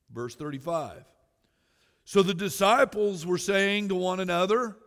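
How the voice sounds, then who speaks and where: High-voiced pastor preaching in a reverberant hall. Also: male voice, lively intonation, unhurried. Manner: swings from shouted exhortation to quiet storytelling. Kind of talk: sermon.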